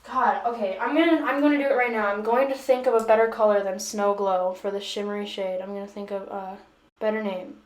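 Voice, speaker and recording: A woman's voice: medium pitch, fairly even intonation, fairly quick. A woman vlogger chatting through a makeup tutorial, rambling and making fun of herself along the way. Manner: rambling, self-mocking, joking asides. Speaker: beauty vlogger. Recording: echoey room.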